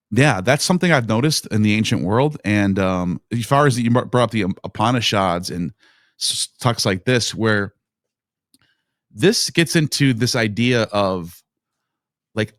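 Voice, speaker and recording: Man, podcast guest, casual discussion, low-ish voice, dry close sound, thinks aloud, meandering. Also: no room sound.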